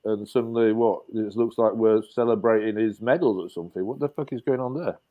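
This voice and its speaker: A man's voice: lowish voice, fairly quick, narrow, tinny audio. A man in his fifties from England, a guest telling rambling stories in a casual chat. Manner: rambling storyteller, many restarts and laughs.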